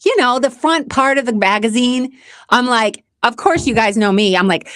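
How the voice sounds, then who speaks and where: A woman's voice: fairly high pitch, moderate pace, dry recording, clean studio sound. A middle-aged woman hosting a self-help channel, telling a personal story in a candid, emotional way, often repeating herself and talking straight to her viewers.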